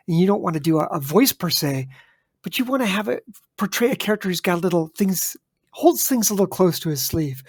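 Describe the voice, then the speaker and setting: A man's voice: high-pitched, animated, fairly quick, husky, dry recording, clean studio sound. A man co-hosting a podcast in casual chat, emphatic and addressing listeners directly. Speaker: podcast co-host.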